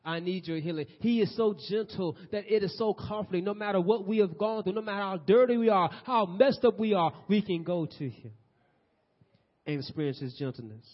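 A man preaching a sermon, swinging from loud urgent exhortation to soft, near-whispered passages. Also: high voice, a little fast. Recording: dull lo-fi audio.

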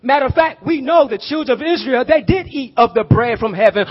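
High-voiced preacher man, lo-fi sound. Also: animated, fairly quick, hardly any pauses, husky. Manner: swings from hushed prayer to shouted emphasis; uses y'all and call-and-response questions. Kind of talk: sermon.

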